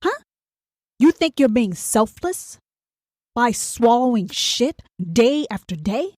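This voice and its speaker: A woman's voice: a little high, big pitch swings, takes it slowly, a little mellow, no room sound, clean studio sound. Blunt, profane woman podcast host. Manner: blunt, confrontational, rhetorical questions, heavy swearing. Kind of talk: profane motivational monologue.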